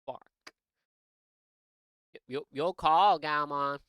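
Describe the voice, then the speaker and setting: Young guy streamer, bright sharp voice, rambly and sweary, dry close mic. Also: on the high side, extremely slow, clean tone, no echo. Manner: rambling, profane, joking, many restarts. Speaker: art streamer. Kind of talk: casual live-stream chat.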